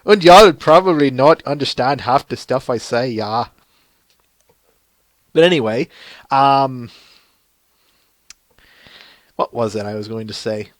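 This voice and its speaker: A man's voice: medium pitch, unhurried, pauses often, no room sound. A man with a Minnesotan accent hosting a casual live-stream podcast, chatty and laughing, often restarting his sentences. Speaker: podcast host.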